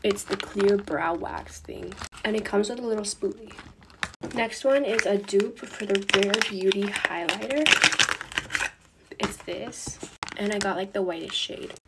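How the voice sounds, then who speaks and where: Offhand young woman with crinkling noise. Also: medium pitch. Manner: quick, filler-heavy, offhand. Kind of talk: casual unboxing chat. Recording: loud package crinkling behind.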